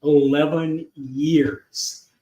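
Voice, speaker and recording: A man's voice: fairly high pitch, flat delivery, extremely slow, dark tone. An older man recounting his career in casual conversation, matter-of-fact and dry. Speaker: podcast guest. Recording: roomy echo.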